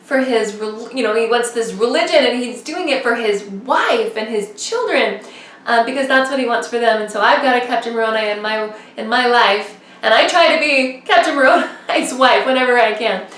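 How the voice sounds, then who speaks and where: A woman's voice: on the high side, moderate pace, a bit bright. A young woman vlogging to camera in a rambling, chatty way with many fillers. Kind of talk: casual chat to camera. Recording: echoey room, mic at a distance.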